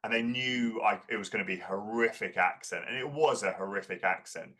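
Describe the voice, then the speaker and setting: A man who coaches performers tells lively stories in a relaxed interview. His voice is bright and forward, and he often stumbles over the start of a sentence. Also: lowish voice, a little fast. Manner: animated storyteller, repeats words. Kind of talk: casual interview chat.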